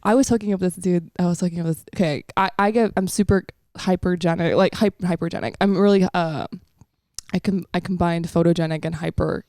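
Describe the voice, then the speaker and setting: A woman's voice: on the low side, steady tone, brisk, darkish tone, no room sound, clean studio sound. A woman hosting a casual podcast interview, asking playful, teasing questions and laughing easily. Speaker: podcast host.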